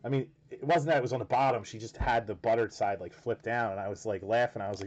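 A man's voice: lowish voice, quick pace, few pauses, darkish tone. A man hosting a card break, chatting casually in a rambling, joking way and swearing freely. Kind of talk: casual chat while opening cards. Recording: dull lo-fi with faint noise.

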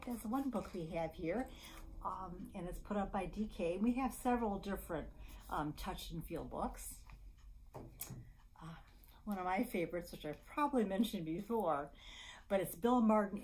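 A woman leading a baby storytime, talking casually about board books and then reading and chanting rhymes in a gentle sing-song with soft whispers in between. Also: lowish voice, a little hiss or hum, low-quality recording. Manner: gentle, sing-song, slow and drawn-out for babies; casual with fillers and restarts. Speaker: children's librarian.

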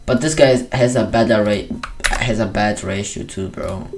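A man's voice: on the low side, normal speed. A man chatting casually on a gaming livestream, rambling and tacking "bro" onto nearly every line. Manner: rambling, says "bro" constantly, frequent laughs. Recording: keyboard clicks and typing noise. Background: keyboard typing.

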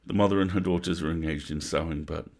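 A man reads a classic tale aloud as a bedtime story, measured and atmospheric. His voice is very low and gravelly, with a husky, breathy grain. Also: fairly even intonation, a little mellow. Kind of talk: livestreamed bedtime story reading.

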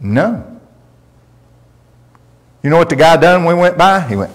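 A man's voice: on the high side, big pitch swings, measured pace. A male pastor preaching a sermon, telling folksy stories with emphatic delivery. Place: church sanctuary. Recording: long reverb of a church hall.

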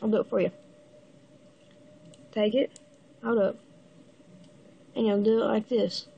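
A woman with the hiccups giving a casual step-by-step building tutorial, halting and pausing mid-step to show the pieces. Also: on the high side, steady tone, vocal fry, mellow, breathy edge, highs cut off. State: has the hiccups. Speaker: toy builder giving instructions.

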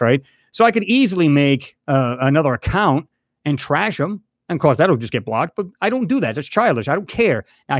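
A man with a slightly high voice hosts his own channel in an angry ranting vlog, heatedly and repetitively going after a rival he addresses directly. The sound is studio quality, with no room sound.

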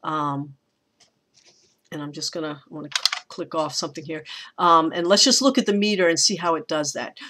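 A woman with a fairly low voice gives a recorded poetry lecture. She talks in a thoughtful, unhurried way, pausing, restarting and filling gaps as she works through her points. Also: pushed and bright. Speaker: teacher.

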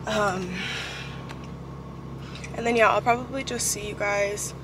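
A woman's voice: mid-range voice, steady tone, slow. Young woman, casual mom vlogger, filler-heavy chat, roomy echo, noisy background. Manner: chatty, full of "like" and "um" fillers. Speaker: vlogger and mother of a newborn. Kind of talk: casual home vlog with product review. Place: at home, moving between rooms and the car. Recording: echoey room with clear background noise.

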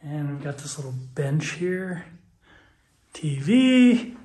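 A man's voice: on the high side, very animated, takes it slowly, a little mellow, slightly rough. Chatty man vlogging a hotel tour. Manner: chatty, rambling with fillers. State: out of breath. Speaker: travel vlogger. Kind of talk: casual travel vlog. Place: hotel and street in Thailand, walking around.

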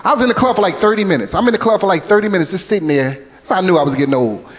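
High-voiced comedian in his forties. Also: racing. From North Philadelphia, USA. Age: 40s. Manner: loose, animated storytelling, peppered with "man". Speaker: stand-up comedian. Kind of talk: stand-up comedy set. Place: comedy club stage.

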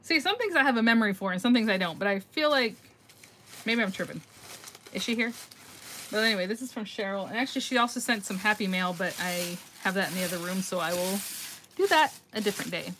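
Bright, gushing woman vlogger. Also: mid-range voice, fast talker, a little hiss or hum. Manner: gushing and chatty, laughs often, thinks aloud. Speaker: craft vlogger hosting a live mail reveal. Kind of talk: casual live-stream chat, reading viewer comments. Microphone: phone.

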